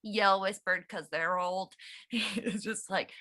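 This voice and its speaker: A woman's voice: medium pitch, steady tone, slow pace, pushed and bright. A woman from West Virginia hosting and doing stand-up at an online comedy night, rambling and giggling through self-deprecating jokes. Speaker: comedian and show host. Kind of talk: stand-up set. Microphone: online show, own mic.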